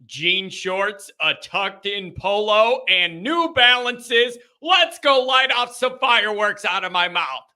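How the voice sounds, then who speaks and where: A man from the United States hosting a live call-in show, talking loudly in a joking, rambling way while nursing a sore bitten lip. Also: high voice, expressive, slow, few pauses. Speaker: show host. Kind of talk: casual live call-in rant.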